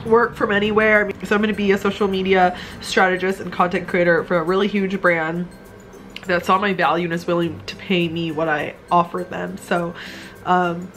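A woman's voice: fairly low pitch, level tone, normal speed, a bit bright, soft background music. A young adult woman vlogging in a casual, upbeat, chatty way, often saying "like". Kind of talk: casual vlog chat.

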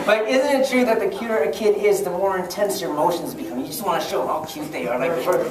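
A man's voice: sits high, a little fast, crowd noise. A man from Hawaii performing a laid-back, self-deprecating stand-up comedy set in a library event room. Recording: echoey room from a distant mic, noisy.

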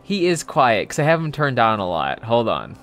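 A man hosting a livestream alone, chatting casually, animated and swearing. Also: mid-range voice, moderate pace, faint music behind. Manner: animated, swears, laughs often. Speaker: streamer host.

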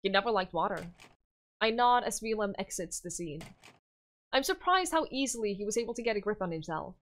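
A woman streamer reading a visual novel aloud in an expressive, lively way. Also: mid-range voice, fairly quick.

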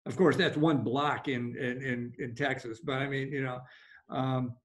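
Man, pastor, upbeat, chatty, lots of fillers, video call, mid pitch. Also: fairly even intonation, a little slow, poor audio. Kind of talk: casual video-call conversation.

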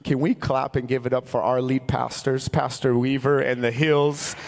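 A man's voice: mid-range voice, flat delivery, moderate pace, gravelly, a little hiss or hum. Man preaching in an echoing church hall. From Minnesota. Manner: humorous, conversational storytelling. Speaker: traveling evangelist. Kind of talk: sermon. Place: large church sanctuary. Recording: long reverb from a large church hall.

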